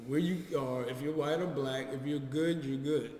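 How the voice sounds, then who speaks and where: A man's voice: medium pitch, normal speed. A man co-hosting a podcast, talking casually and emphatically with plenty of swearing. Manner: animated, emphatic, profane. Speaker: podcast co-host. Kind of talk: casual chat. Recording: echoey room with long reverb.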